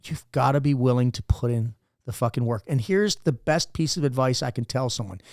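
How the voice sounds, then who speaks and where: A man's voice: mid-range voice, a little fast, a little mellow, no room sound, clean studio sound. A man in his fifties, a former Navy SEAL guest, telling rambling, profane stories in a casual interview.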